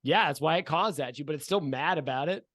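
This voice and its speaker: A man running a tabletop game as game master, giving vivid, profane narration with quick rules asides over a home microphone. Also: a little high, a bit bright, no room sound, clean studio sound. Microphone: home microphone for an online session.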